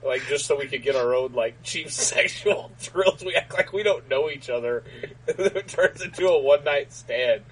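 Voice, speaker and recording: A man's voice: fairly high pitch, moderate pace, husky, low-quality recording. A man co-hosting a podcast, rambling through jokes with many fillers and frequent laughter. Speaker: podcast co-host. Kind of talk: casual comedic banter.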